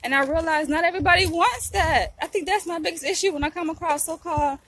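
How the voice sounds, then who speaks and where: A woman's voice: very high voice, fast talker, a bit bright, slight background noise. A young woman, vlogging to camera in a blunt, preachy way, often asking if you get what she's saying. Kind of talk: casual talk to camera.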